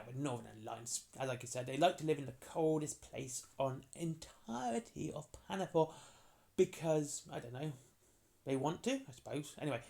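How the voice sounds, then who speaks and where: Casual lore rambling, jokey asides, swooping pitch. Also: creaky, mellow. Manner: chatty and jokey, acts out characters in quick asides. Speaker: tabletop game lore explainer.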